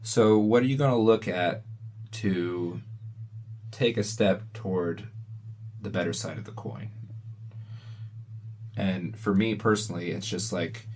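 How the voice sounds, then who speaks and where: A man's voice: sits low, measured pace, pauses often, a little mellow, a little hiss or hum. A man co-hosting a podcast, reflectively walking through his own inner self-talk in a casual chat. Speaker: podcast co-host.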